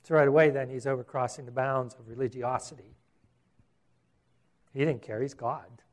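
A man's voice: mid-range voice, steady tone, moderate pace. A man preaching a sermon, earnest, with repeated words and rhetorical questions.

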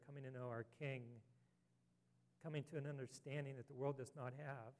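A man's voice: mid-range voice, darkish tone. A man preaching an earnest sermon as a pastor, rising to emphatic scripture reading.

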